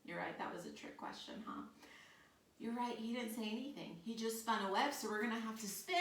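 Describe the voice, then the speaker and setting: A woman's voice: on the high side, brisk, slight background noise. A woman leading children through a storytime yoga class, cheerful and encouraging as she coaches each pose. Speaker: kids yoga teacher. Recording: roomy sound from a distant mic.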